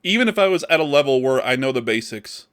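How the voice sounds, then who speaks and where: A man hosting a podcast, casual and jokey, quick to laugh while he chats with his guest. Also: medium pitch, lively intonation, fairly bright tone, clean tone. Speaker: podcast host. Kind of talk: casual interview chat.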